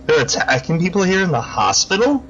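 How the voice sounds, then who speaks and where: A blunt, dry male hero, as a man plays him in a game, who gives flat, deadpan retorts with no fuss. The voice sits a little high for a man. The recording is dull and lo-fi, with faint hiss. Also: brisk.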